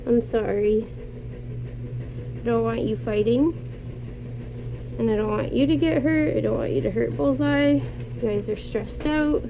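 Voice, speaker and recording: A woman vlogging while she cleans pet cages, talking gently and soothingly to her animals. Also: fairly high pitch, measured pace, creaky, long pauses, lo-fi sound, background noise. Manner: soothing, talks softly to animals. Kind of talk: casual talk to pets while cleaning cages. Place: indoor room with pet cages.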